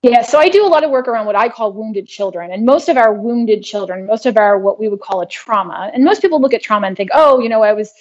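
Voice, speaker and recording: A woman guest in a conversational interview who explains her wellness work in an earnest, brisk way. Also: on the high side, lively intonation, darkish tone. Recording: dull lo-fi audio.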